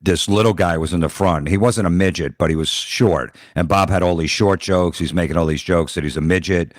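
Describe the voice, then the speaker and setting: Deep-voiced man telling stories. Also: fairly quick, no echo, clean studio sound. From New Jersey. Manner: blunt, profane, deadpan anecdotes. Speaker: comedian guest. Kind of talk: casual podcast storytelling.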